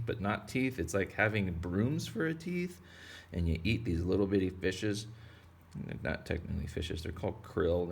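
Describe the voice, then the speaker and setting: Deep-voiced playful man teaching drawing. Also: gravelly. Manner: rambling, playful, joking asides. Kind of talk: casual drawing tutorial for kids.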